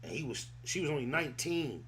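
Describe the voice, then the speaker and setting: A man's voice: fairly high pitch, sing-song, fast talker, fairly bright tone, slight background noise. A man hosting a podcast, telling stories casually in loose street slang. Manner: loose, rambling storytelling full of street slang. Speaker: podcast host. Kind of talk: casual chat.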